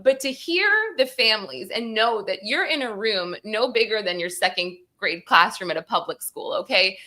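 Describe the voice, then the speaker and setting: Woman host, crying while she talks, bright tense tone, animated courtroom retelling. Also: medium pitch. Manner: tearful, animated, acts out courtroom quotes. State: crying, sniffly. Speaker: true crime show host. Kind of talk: emotional livestream case recap.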